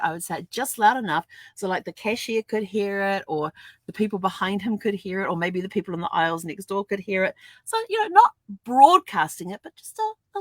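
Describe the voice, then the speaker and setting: A woman's voice: mid-range voice, no room sound. An older woman chatting casually to camera at home, laughing often and acting out little dialogues as she tells stories. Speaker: vlogger. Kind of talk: casual storytelling vlog.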